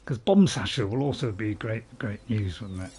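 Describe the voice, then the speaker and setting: A man hosting a gaming channel, giving live commentary as he plays and talking to himself, swinging between panic and calm. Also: fairly low pitch, a little fast, a little hiss or hum.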